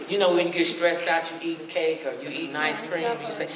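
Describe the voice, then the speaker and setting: A woman's voice: lowish voice, brisk, few pauses, crowd noise. Sassy woman speaker in an echoey hall. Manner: sassy, lively, acts out voices. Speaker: motivational speaker. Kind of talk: humorous health talk to a live audience. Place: large hall with audience. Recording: echoey hall, mic from far off, noisy.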